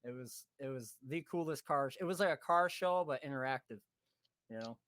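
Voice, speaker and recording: A man's voice: medium pitch, a little fast, fairly bright tone, no room sound. A man hosting a podcast, telling a rowdy story in a casual way, swearing freely, laughing and acting out his friends' voices. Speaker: podcast host.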